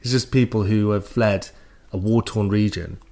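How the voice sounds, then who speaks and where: A man's voice: on the low side, fairly even intonation, normal speed, dark tone. A man co-hosting a comedy podcast, chatting casually and agreeing often. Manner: agreeable, lots of "yeah, yeah". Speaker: podcast co-host.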